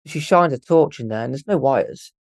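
A young man telling a ghost story as a podcast guest, animated and swearing freely as he acts out what people said. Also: mid-range voice, normal speed, creaky, dry recording. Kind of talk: casual storytelling.

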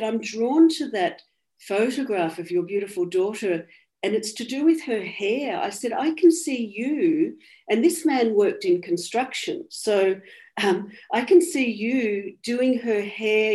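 An Australian woman, a medium, earnestly retelling a reading in an interview and quoting what was said. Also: mid-range voice. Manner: earnest, soft-spoken retelling with quoted dialogue. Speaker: medium, guest. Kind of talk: personal storytelling in interview.

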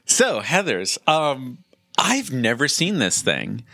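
A man co-hosting a casual podcast chat, animated and wry, musing aloud. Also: mid-range voice, slow, no room sound, clean studio sound. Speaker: podcast co-host.

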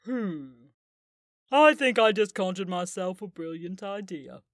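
A man's voice: high-pitched, animated. A man playing a gloating, sneering villain. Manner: taunting, drawn-out gloating. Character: sneering male villain, smug and mocking. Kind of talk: audio drama acting.

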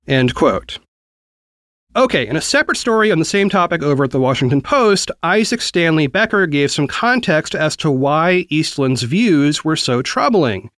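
A man's voice: a little high, sing-song, normal speed, a bit bright, no room sound, clean studio sound. A man in his forties from the American South, hosting a news podcast where he reads quotes aloud and then explains them in a conversational way. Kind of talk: reading and commenting on news.

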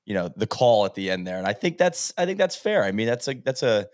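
Low-voiced rambling male co-host. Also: fairly quick. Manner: relaxed, rambling, many fillers. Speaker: podcast co-host. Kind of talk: casual golf podcast chat.

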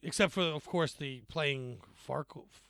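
Bright, gravelly-voiced man chatting casually. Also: a little high, normal speed, no echo. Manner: rambling, joking, frequent fillers. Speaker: podcast co-host. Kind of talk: casual chat.

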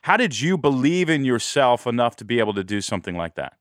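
A man's voice: mid-range voice, very animated, quick pace, no room sound. Thoughtful male interview host, dry mic. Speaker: podcast host. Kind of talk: interview questions and reflection.

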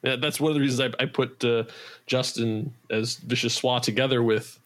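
A man's voice: mid-range voice, fairly even intonation, normal speed, fairly bright tone. A man, the writer and creator of an audio drama, chatting on a podcast in a thoughtful, rambling way. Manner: thoughtful, rambling, trails off and restarts. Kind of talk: casual podcast chat.

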